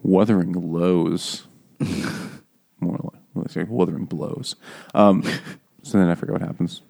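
Low-voiced man, joking podcast co-host, quick to laugh, casual book talk. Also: creaky, mellow, breathy edge. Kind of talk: casual book-club chat.

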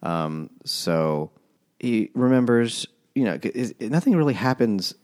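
A man's voice: medium pitch, very animated, a little slow, darkish tone. A man co-hosting a casual book podcast, recapping the plot in a laid-back way, full of fillers. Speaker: podcast co-host.

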